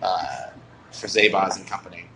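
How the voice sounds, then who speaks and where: A man in casual podcast chat, telling stories quickly and acting out other people's lines. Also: low voice, flat delivery, background noise. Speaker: podcast guest.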